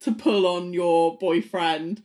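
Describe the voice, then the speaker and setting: A woman's voice: lowish voice, fairly even intonation, slow, darkish tone. A woman chatting casually as a podcast co-host, giggly and enthusiastic. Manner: giggly, enthusiastic, frequent fillers and restarts. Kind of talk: casual chat.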